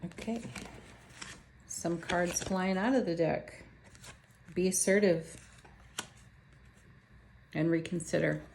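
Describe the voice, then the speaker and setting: Woman, tarot reader, casual and chatty, upbeat, fairly low voice, faint background noise. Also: takes it slowly, creaky, long pauses. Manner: chatty and upbeat, laughs often, talks to viewers directly. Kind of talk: casual tarot card reading.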